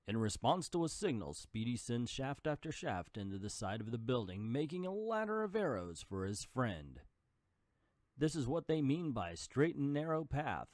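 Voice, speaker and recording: A man's voice: medium pitch, sing-song, normal speed, a little mellow, dry recording, studio quality. A man reading an old comic book aloud and adding jokey asides. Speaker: comic book reader and commentator.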